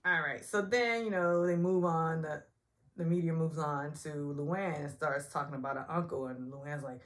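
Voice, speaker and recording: A woman casually recapping a reality show, chatty and opinionated, often mimicking people in higher voices. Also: moderate pace. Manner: chatty and opinionated, acts out quotes in high voices. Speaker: recap vlogger.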